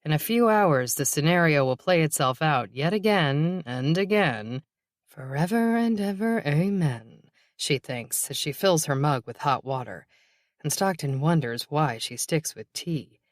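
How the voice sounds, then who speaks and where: A woman narrating a novel in a measured, even reading. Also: low voice, dry recording, studio quality. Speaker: audiobook narrator. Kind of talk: scripted narration.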